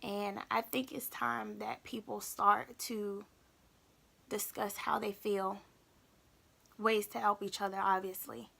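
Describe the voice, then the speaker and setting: A young woman talking openly in a personal vlog, halting and emotional, often repeating herself. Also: medium pitch, little pitch movement, gravelly, a bit bright. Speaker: vlogger.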